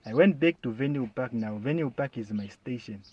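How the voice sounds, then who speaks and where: A man performing a stand-up comedy monologue, animated and bursting into loud shouted calls. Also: mid-range voice, fairly quick, slightly rough. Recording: dull lo-fi recording.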